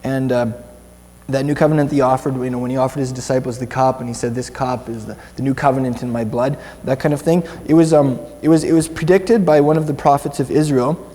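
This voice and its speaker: A man's voice: mid-range voice, dark tone, long reverb tail. A young Canadian man giving informal Bible teaching to a small group, chatty and rambling, with many restarts.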